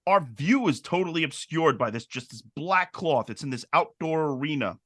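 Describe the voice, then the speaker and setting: Bright-voiced excitable podcast man. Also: a little high, moderate pace, dry recording, clean studio sound. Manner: excitable storyteller, animated. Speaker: podcast co-host. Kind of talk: casual chat.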